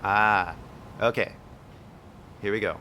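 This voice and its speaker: A man's voice: lowish voice, fairly even intonation, takes it slowly, sharp tone, slight background noise. A young man coaching an actress on her accent, talking loosely with lots of "like" and "right?" and the odd swear word. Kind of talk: casual one-on-one coaching.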